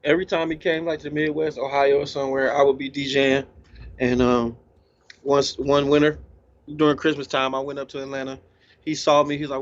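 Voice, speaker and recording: A laid-back man talks slangily as a guest DJ, voice at an ordinary pitch. The recording sounds a little dull and lo-fi. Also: little pitch movement, fairly quick. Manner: laid-back, slangy, eating while talking. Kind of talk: casual interview talk.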